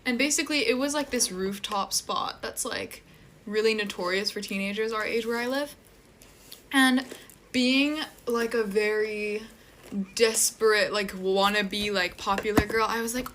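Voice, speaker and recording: A woman's voice: medium pitch, measured pace, fairly bright tone, slight background noise. A teenage girl rambling through a casual storytime while getting ready at home, filling every sentence with "like". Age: teens. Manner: rambling, heavy use of "like" fillers.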